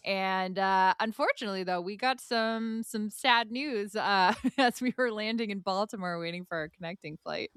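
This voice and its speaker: A woman's voice: mid-range voice, moderate pace, few pauses, clean tone, no room sound. Woman cohost, mid voice, giggly and supportive, dry close mic. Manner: warm, supportive listener, laughs often. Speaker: podcast co-host. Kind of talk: casual chat.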